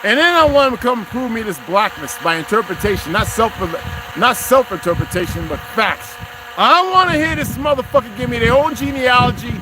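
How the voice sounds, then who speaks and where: A man's voice: very high voice, fairly quick, noisy background. A man hosting a livestream, ranting with constant cursing and greeting viewers in the chat. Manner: confrontational, cursing, animated. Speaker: livestream host.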